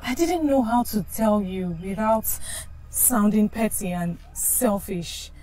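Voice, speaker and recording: A woman's voice: mid-range voice, takes it slowly, dark tone. An actress with a Nigerian accent playing an anxious young woman apologising to the man she loves. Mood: pleading. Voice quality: pleading, apologetic. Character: young woman torn between two men, anxious. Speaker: girlfriend. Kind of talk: Nollywood film acting.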